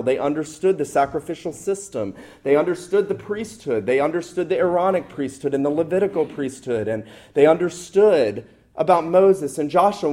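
A man's voice: a little high, a little mellow. Man preaching an earnest sermon. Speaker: pastor.

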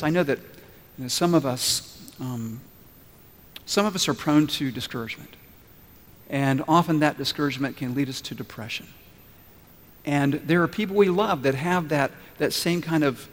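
A man preaching a sermon as pastor, asking the congregation questions and telling a story. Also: fairly high pitch. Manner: asks the congregation questions and lets them answer. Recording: long reverb from a large room.

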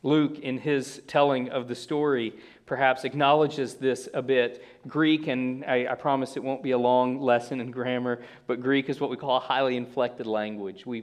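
A male pastor preaching a sermon, slowing down and stressing key words, with small restarts. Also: medium pitch. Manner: slow emphatic phrasing with pauses, small restarts.

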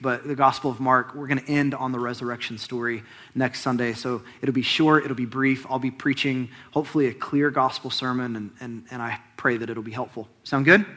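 A man's voice: mid-range voice, a bit bright. Earnest male pastor reading scripture. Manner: earnest, reads scripture with rising emphasis on quotes. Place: church.

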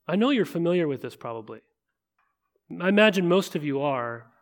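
A man preaching a sermon in a conversational way, often checking in with listeners and slowing to a hush at weighty moments. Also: on the high side, big pitch swings. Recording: long reverb of a large hall.

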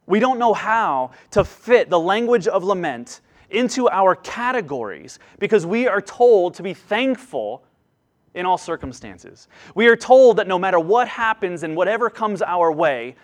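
A man's voice: high voice, animated, unhurried. Earnest man preaching, voice rising and dropping. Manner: earnest, rising and falling delivery with frequent restarts. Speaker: pastor. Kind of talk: sermon.

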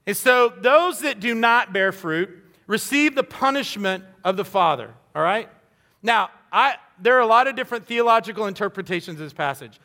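A man's voice: high-pitched, lively intonation, normal speed, pushed and bright, big-room sound. A man preaching a sermon in an earnest, conversational way, acting out little quoted voices as he goes. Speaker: pastor.

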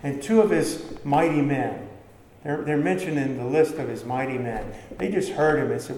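A man's voice: medium pitch, normal speed, a little mellow, slight background noise. A man preaching a sermon in a conversational way, asking the listeners questions and answering them himself. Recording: echoey hall with faint background ambience.

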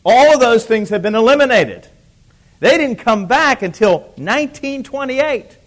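A man's voice: very high voice, lively intonation, unhurried. A man teaching church history to a live class. He repeats key points for emphasis, asks the room questions and throws in dry teasing asides.

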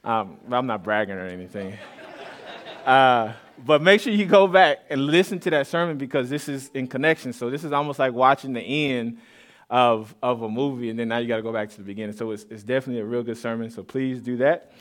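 A man from east Austin preaching a sermon to his congregation, telling stories in a relaxed, conversational way with asides. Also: mid-range voice, brisk. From east Austin, Texas. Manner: conversational, storytelling, with asides and laughs. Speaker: pastor. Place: church sanctuary.

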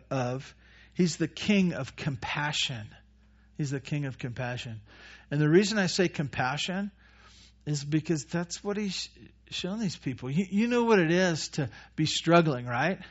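A man preaching a conversational sermon as pastor, with many restarts and quick acted-out asides. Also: a little high, animated. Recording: dull lo-fi church recording.

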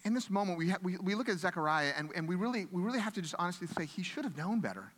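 A male pastor delivers a sermon in an earnest, conversational voice, often circling back and restarting his phrases. His voice sits a little high for a man. The sound carries a long reverb, as in a large hall. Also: animated, racing, fairly bright tone.

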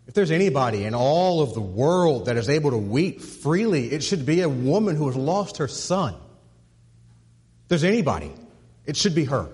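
A pastor's husky, faintly breathy voice rings with long reverb through a big sanctuary as he preaches at normal speed. His pitch swings widely; he repeats words to build toward a point, then goes quiet and low for the lines that matter most.

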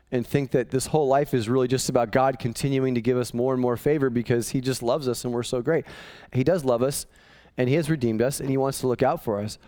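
A man preaching a sermon, retelling a Bible story as an animated, conversational storyteller with jokes. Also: medium pitch, no room sound. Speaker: pastor.

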